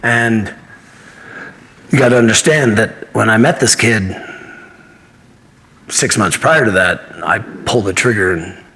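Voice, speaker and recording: A man's voice: lowish voice, unhurried, long pauses, sharp tone. Earnest man in his fifties telling stories. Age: 50s. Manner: earnest, anecdotal, acts out dialogue. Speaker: guest, martial arts instructor. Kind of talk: interview storytelling.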